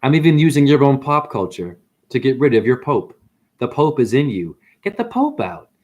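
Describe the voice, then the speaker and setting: Over a muffled recording, a man on a livestream offers a casual, slangy spiritual monologue in a sing-song, slightly mellow voice at normal speed. His quotes of other people come out in high, mocking tones.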